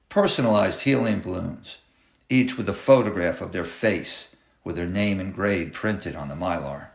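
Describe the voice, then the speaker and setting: A man reading his own short story aloud in a measured, dramatic audiobook narration. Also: sits low. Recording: roomy echoey room.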